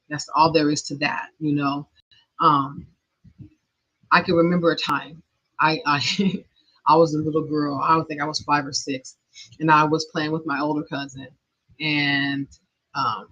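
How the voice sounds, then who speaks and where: A middle-aged woman speaks into a lo-fi, muffled recording. Her voice is sharp and bright but husky, and she tells her own story in an earnest, emotional monologue with nervous little laughs. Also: deep voice, little pitch movement, a little slow, long pauses. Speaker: podcast host. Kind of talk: personal monologue. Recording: dull lo-fi recording.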